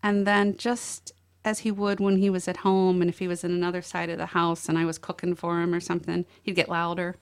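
A middle-aged woman, a guest, telling a deeply personal story in an earnest, emotional way. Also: level tone, a little fast, hardly any pauses, clear, resonant tone. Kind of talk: personal testimony in an interview.

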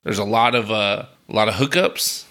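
A man's voice: on the low side, normal speed, a bit bright. A young man co-hosting a podcast, chatting casually and at length in a laid-back, talkative way. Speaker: podcast co-host. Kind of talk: casual chat.

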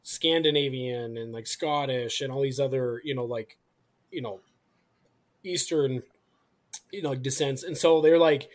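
A man co-hosting a podcast, telling an awkward story in casual, animated chat full of "like". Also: mid-range voice, unhurried, long pauses. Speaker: podcast co-host.

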